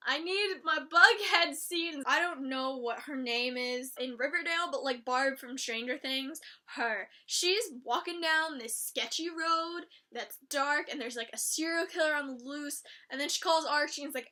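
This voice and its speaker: A young woman chatting casually as she reviews a TV episode, animated and gushing, with exasperated outbursts. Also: high-pitched, normal speed. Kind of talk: casual chat.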